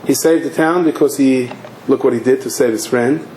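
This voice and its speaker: A man's voice: medium pitch, moderate pace, darkish tone, slight background noise. A man, a rabbi, tells a story in a sermon and acts out its scenes with animation. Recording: echoey hall.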